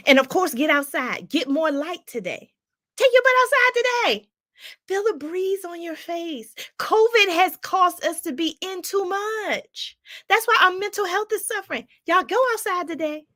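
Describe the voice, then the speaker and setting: A woman life coach hosting a live stream, reading out viewer comments in a lively, laughing, preacherly way. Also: sits high, normal speed, no echo, clean studio sound. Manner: animated, laughs often, preacherly call-and-response.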